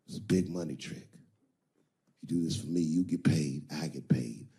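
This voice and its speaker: A man playing a scheming pimp who gives steady, commanding orders. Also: very deep voice, moderate pace, voice pushed down. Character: scheming, cold male pimp boss.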